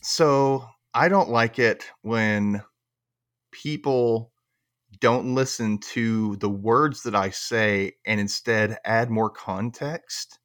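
A man's voice: on the low side, slow. A man guest on a podcast, rambling casually and acting out little quotes as he talks. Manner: animated, rambling, acts out quotes. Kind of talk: casual chat.

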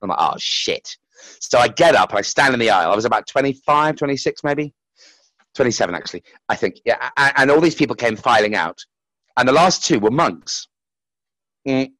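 A man's voice: medium pitch, animated, a little fast, fairly bright tone, no room sound, low-quality recording. A man telling a candid personal story as a podcast guest, speaking frankly and swearing casually.

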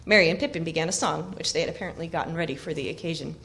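A woman narrating a fantasy book aloud in an expressive storybook reading. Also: low-pitched, racing. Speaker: reader. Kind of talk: audiobook narration.

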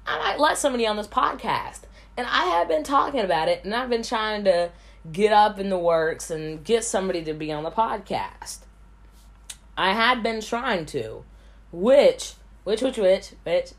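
A woman hosting a solo podcast in casual, blunt talk, rambling and repeating words as she goes. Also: mid-range voice. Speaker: podcast host.

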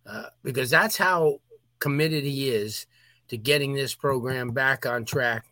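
A man's voice: mid-range voice, a little slow, sharp tone, no echo. A man co-hosting a sports podcast, talking emphatically in casual chat. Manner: emphatic, talks through sneezes and throat clearing. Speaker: podcast co-host.

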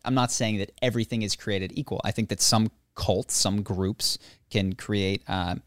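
A man on a podcast telling a personal story in a casual chat, animated, acting out the voices of others and joking at his own expense. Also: fairly low pitch, normal speed, dry recording, clean studio sound. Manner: animated, acts out quoted voices, laughs often; self-deprecating humor.

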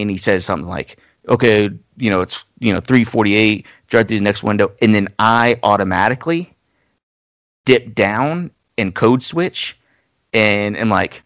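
Gravelly low-voiced man rambling on. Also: a bit bright, no echo. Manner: rambling storyteller, mimics voices in anecdotes. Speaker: podcast host. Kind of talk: casual chat.

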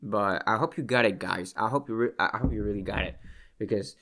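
A man's voice: fairly low pitch, brisk, bright, forceful tone. Rambling, chatty man reviewing whiskey. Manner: rambling, restarts often, swears casually. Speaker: whiskey vlogger. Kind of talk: casual chat.

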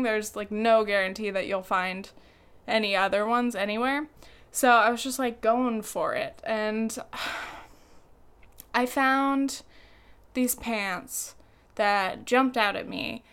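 A young woman talks straight to her audience in a loose, casual vlog style, dropping fillers and curse words as she goes. Her voice sits a little high and comes through smooth and clear. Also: a bit bright. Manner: chatty, lots of "like" fillers, swears freely. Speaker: vlogger. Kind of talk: casual chat.

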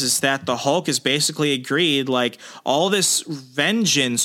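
Bright-voiced man recapping a comic. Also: a little high. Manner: animated storyteller who acts out quotes. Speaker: podcast host.

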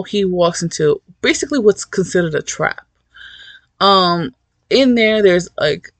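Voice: mid-range voice, gravelly, no echo. A person casually recapping a novel in a rambling, profane, candid way with lots of fillers. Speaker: book reviewer. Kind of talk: casual book recap vlog.

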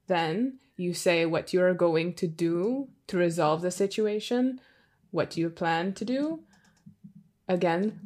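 A woman's voice: fairly low pitch, darkish tone. Firm, plainspoken woman player. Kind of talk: in-character tabletop play.

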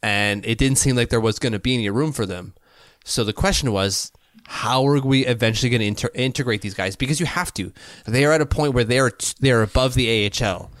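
A man from Canada in his thirties talks through sports topics in a casual podcast chat, analytical and quick to laugh. His voice sits at an ordinary middle pitch. It is recorded dry and close, with no room sound. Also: fairly bright tone, no room sound. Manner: chatty and analytical, laughs easily. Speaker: podcast co-host. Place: home basement.

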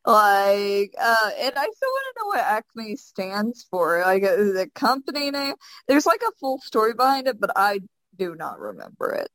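A woman from the American South with a Southern accent, chatting casually as a co-host, joking and animated. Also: medium pitch, dry recording. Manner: animated, joking, quick asides. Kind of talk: casual chat.

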